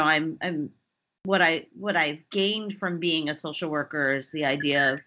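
Low, bright-voiced woman guest. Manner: halting, many restarts and "you know" fillers. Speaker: podcast guest; social worker. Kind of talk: casual interview chat.

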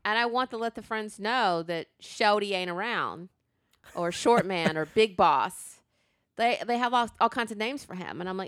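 A woman's voice: medium pitch, moderate pace, a bit bright, no echo, studio quality. Rambling, laughing woman podcast host. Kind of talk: casual chat. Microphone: podcast mic.

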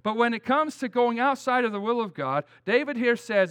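A man's voice: extremely high pitch, expressive, moderate pace, hardly any pauses, a bit bright. A middle-aged man preaching a conversational sermon, plain-spoken and folksy, telling stories with frequent restarts.

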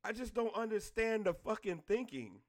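Man, casual profane rant, blunt and exasperated, high voice, swooping pitch. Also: expressive, moderate pace. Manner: blunt, exasperated, heavy swearing.

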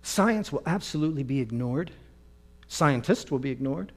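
A man's voice: mid-range voice, moderate pace. A man preaching a story-driven sermon, acting out the voices of the people in his anecdotes. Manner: animated, acts out quoted voices.

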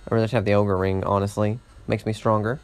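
A man's voice: on the low side, flat delivery, fast talker, faint music behind. A man chatting casually while playing a game, rambling through a story, swearing often and laughing at his own mishaps. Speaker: gamer. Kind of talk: casual let's-play commentary.

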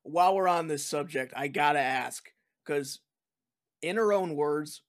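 A man hosting a casual interview podcast, laughing often and speaking as an excited fan. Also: a little high, a little slow, no echo, studio quality. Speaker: podcast host.

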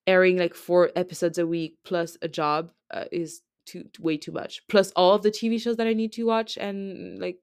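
A woman's voice: lowish voice, level tone, moderate pace, few pauses, darkish tone, smooth, no echo, studio quality. A woman podcast host with a French accent, rambling through a casual recap full of filler words. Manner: rambling, chatty, heavy use of filler words.

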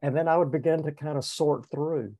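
Man, 70s, former pastor, earnest candid storytelling, mellow voice, dry sound. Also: a little high, fairly even intonation, brisk, no echo. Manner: earnest, candid, with frequent restarts. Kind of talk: reflective personal storytelling in conversation.

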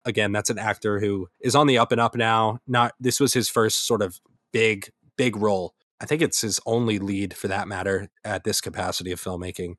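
A man's voice: lowish voice, steady tone, brisk, fairly bright tone, dry recording, clean studio sound. A young man co-hosting a casual film podcast, rambling and correcting himself as he talks. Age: young adult. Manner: rambling, self-correcting, laughs easily. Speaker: podcast co-host. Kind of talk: casual film review chat.

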